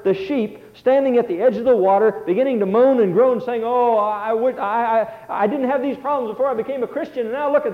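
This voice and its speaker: High-voiced pastor on a tinny line. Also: male voice. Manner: preaching with sudden swings between loud and hushed. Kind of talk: sermon. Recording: tinny phone-like sound.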